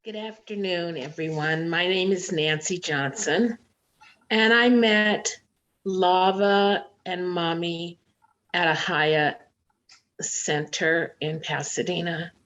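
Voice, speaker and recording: A woman's voice: fairly low pitch, steady tone, slow pace, fairly bright tone. A woman giving a memorial tribute speech, telling fond anecdotes over a video call. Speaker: memorial speaker. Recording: muffled video call audio.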